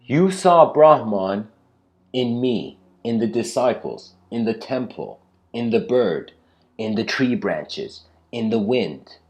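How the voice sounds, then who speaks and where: A man voicing a calm male guru teacher who soothes and then questions with wry amusement. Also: lowish voice, slow.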